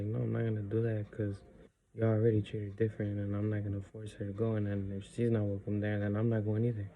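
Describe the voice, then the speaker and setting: A man's voice: lowish voice, phone-quality sound, slight background noise. A man telling a personal story in a casual vlog. He talks bluntly, curses, leans on filler words and drops in Spanish phrases. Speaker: vlogger.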